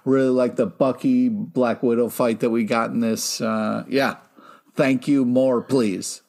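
A man's voice: medium pitch, fairly even intonation, measured pace, gravelly, a little mellow. A man co-hosting a comic book podcast who gushes about the books and swears casually. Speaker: podcast co-host. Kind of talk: casual comic review chat.

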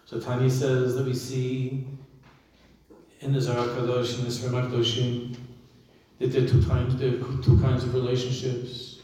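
A man, a rabbi, giving a sermon full of stories, swinging from loud emphasis to quiet asides. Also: medium pitch, monotone, normal speed, a little hiss or hum. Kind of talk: sermon with storytelling. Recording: echoey hall, speaker far from mic.

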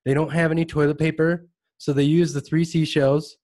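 A man's voice: on the high side, flat delivery, normal speed, darkish tone, dry recording. A man hosting a casual podcast chat, talking animatedly and laughing often as he acts out little voices. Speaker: podcast host.

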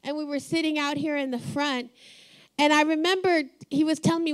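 High-voiced woman preaching a storytelling sermon. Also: moderate pace. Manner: warm storytelling, laughs often. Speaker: pastor. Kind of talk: sermon with personal stories.

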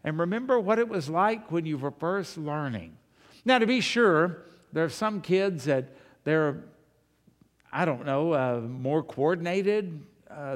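A man's voice: sits high, in a large hall. A man preaching a sermon from the pulpit, telling folksy stories and asking his listeners rhetorical questions. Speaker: pastor. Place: church sanctuary.

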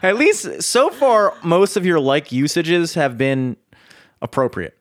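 A young man co-hosting a laid-back podcast, teasing and laughing often. His pitch moves around a lot as he jokes, and he drops "dude" into his sentences. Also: lively intonation, takes it slowly. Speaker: podcast co-host. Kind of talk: casual chat.

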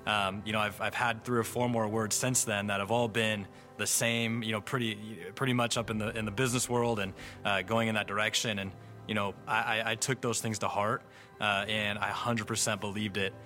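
A man giving a personal church testimony in a halting way, with frequent restarts. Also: on the low side, little pitch movement, bright, forceful tone. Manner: halting, many fillers and restarts. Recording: music playing underneath. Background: faint music.

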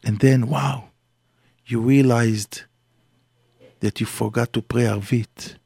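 A man giving a Torah class as a rabbi, telling stories with lively acted quotes and grammar. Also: mid-range voice, slow pace, creaky, breathy edge, dry recording. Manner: animated storytelling with acted quotes, non-native English grammar.

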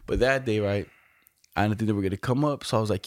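Dude co-hosting a podcast, cussing, super casual, dead dry sound. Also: male voice, on the low side, fast, no echo. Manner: laid-back slangy storytelling, lots of profanity. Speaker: podcast co-host. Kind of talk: casual chat.

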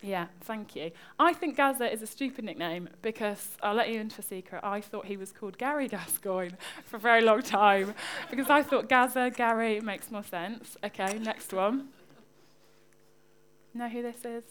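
A woman's voice: on the high side, normal speed. A young woman, giving a chatty, joking sermon and talking back and forth with her congregation. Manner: chatty, lively, joking with the audience. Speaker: preacher.

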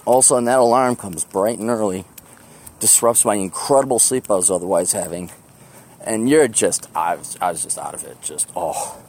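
A man's voice: lowish voice, moderate pace, darkish tone, slight background noise. A man hosting a podcast, rambling casually and self-deprecatingly while walking outdoors to the bus, laughing often. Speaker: podcast host. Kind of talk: rambling walk-and-talk monologue.

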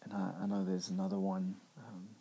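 A man's voice: low-pitched, flat delivery, brisk, warm tone, slightly rough. A middle-aged man hosting a podcast, talking candidly and reflectively in a conversational way with many restarts. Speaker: podcast host. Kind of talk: reflective personal monologue.

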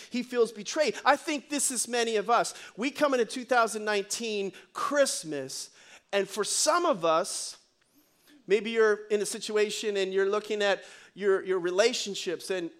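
High-voiced, animated male preacher. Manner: animated, joking, conversational preaching. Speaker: pastor. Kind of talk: sermon.

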